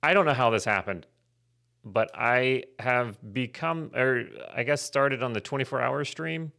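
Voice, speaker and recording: A man's voice: medium pitch, unhurried, creaky, pushed and bright. Rambling, self-mocking podcast guy. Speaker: podcast co-host. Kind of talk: casual comedy podcast chat.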